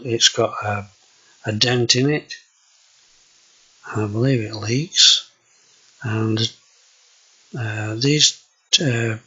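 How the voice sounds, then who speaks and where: Slow older Yorkshire man, husky. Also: medium pitch, pushed and bright, poor audio. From Yorkshire, England. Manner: slow, hesitant, with many fillers. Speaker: vlogger. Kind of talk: casual home video walkthrough.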